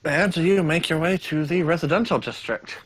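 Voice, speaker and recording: A man running a tabletop game as game master, describing scenes in a relaxed way with frequent pauses. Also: on the high side.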